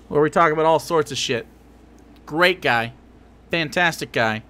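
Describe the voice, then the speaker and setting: A man's voice: fairly high pitch, a little slow, pauses often, sharp tone. A man hosting a livestream, reacting to a video with crude, sarcastic rants. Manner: crude and sarcastic, mock-ranting. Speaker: livestream host. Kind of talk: casual livestream rant.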